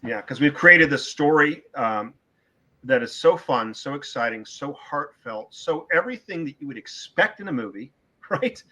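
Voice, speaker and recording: Emphatic middle-aged man, bright tone. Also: medium pitch, expressive, normal speed, rough recording. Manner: emphatic, opinionated, repeats words for stress. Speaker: author being interviewed. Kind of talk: casual podcast interview talk.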